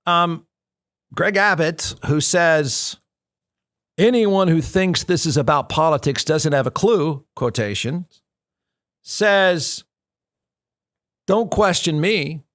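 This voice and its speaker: Speaking slowly with long pauses, an American man hosts a talk show, his voice a little high and fairly bright. His political commentary is snarky and combative, driven by repeated phrases, and the studio-quality recording has no room sound.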